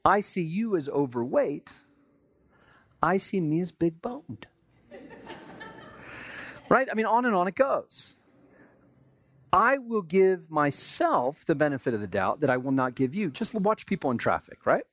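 Lively American man preaching. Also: a little high, measured pace, long pauses. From United States. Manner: conversational, acts out everyday voices in quotes. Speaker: pastor. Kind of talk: sermon.

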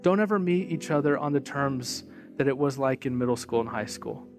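A man's voice: mid-range voice, fairly quick. Conversational male pastor over music. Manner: conversational, animated, asks the congregation questions. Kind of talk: sermon with storytelling and altar call. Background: music playing.

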